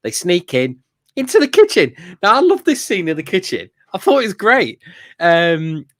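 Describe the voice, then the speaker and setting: A man's voice: high voice, wildly swooping pitch, normal speed, a bit bright, dry recording, studio quality. A man co-hosting a podcast, chatting in an enthusiastic, rambling way with lots of fillers and laughs. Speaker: podcast co-host. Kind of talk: casual fan review chat.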